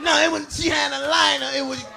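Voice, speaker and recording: A man doing a stand-up comedy routine on stage, boisterous and talking straight to the audience, laughing through his lines and shouting his punchlines. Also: very high-pitched, little pitch movement, fairly quick, gravelly, crowd noise.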